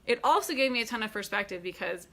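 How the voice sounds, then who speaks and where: A woman's voice: a little high, lively intonation, quick pace, a bit bright. A woman in her thirties telling a personal story to camera in a chatty, rambling way, full of fillers and frequent laughs. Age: 30s. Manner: chatty, many fillers and restarts; laughs often while talking. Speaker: vlogger.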